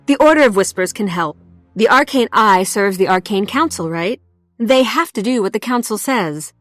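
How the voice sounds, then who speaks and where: A woman voicing a sly small female asura spy in a video game, laying out a scheme in a brisk way. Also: mid-range voice, expressive, a bit bright, dry recording, faint music behind, lightly acted. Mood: scheming. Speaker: Order of Whispers agent.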